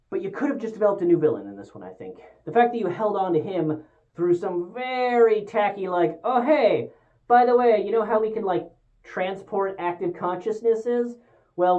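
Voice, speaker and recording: A woman giving a casual spoken movie review, exasperated and sarcastic, acting out characters' lines in quick asides. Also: lowish voice. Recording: tinny phone-like sound.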